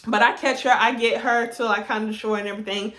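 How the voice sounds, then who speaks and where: A young woman telling a casual storytime to her camera, animated and laughing through it. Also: on the high side, fast. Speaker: vlogger. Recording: roomy echo.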